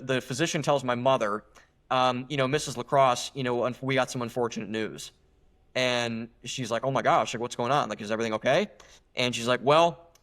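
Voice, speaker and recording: Young man, podcast guest, earnest, emphatic, restarts sentences, mid-pitched voice. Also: fairly bright tone. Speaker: guest author. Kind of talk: podcast interview.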